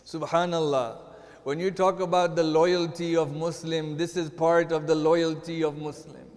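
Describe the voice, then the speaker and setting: A man's voice: on the high side, flat delivery, moderate pace, a little mellow. A man giving a sermon as a sheikh, telling a mournful story and rising into chanted lament. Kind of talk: sermon narration. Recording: long hall reverb.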